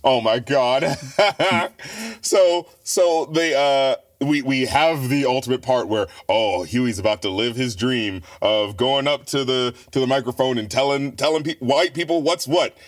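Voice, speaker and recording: A man's voice: mid-range voice, unhurried. A man co-hosting a podcast review, chatting casually, laughing often and acting out quotes. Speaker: podcast co-host.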